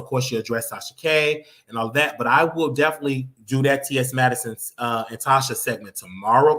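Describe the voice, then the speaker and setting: A man's voice: mid-range voice, fairly bright tone. Brash, mocking man hosting commentary. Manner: brash, mocking, trash-talking. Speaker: host. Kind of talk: casual commentary monologue.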